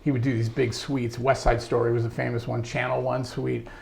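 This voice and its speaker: A man being interviewed, telling a long anecdote about his music career in a lively way, laughing often. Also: medium pitch, a little fast, vocal fry, a little hiss or hum. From United States. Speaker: interview guest, trombonist. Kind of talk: storytelling in casual interview.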